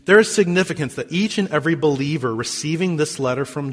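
Pastor guy preaching, kinda high voice, punches words then drops quiet, big echoey church hall. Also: expressive, fast talker. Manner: emphatic preaching with big swings in pitch and volume. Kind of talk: sermon.

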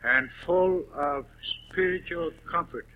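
A man preaching a sermon, deliberately stressing single words, with frequent "uh" pauses. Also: on the high side, narrow, tinny audio.

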